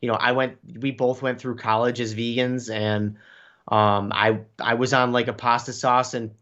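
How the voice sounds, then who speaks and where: A man's voice: mid-range voice, little pitch movement, moderate pace, fairly bright tone, dull audio. A male guest in a casual livestream chat with a laid-back, slangy way of talking.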